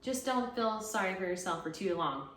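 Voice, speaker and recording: A woman's voice: medium pitch, expressive, normal speed, a bit bright. A woman in her thirties, a podcast guest, talking openly and upbeat with frequent "like". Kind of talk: candid interview talk. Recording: roomy sound, distant mic, faint noise.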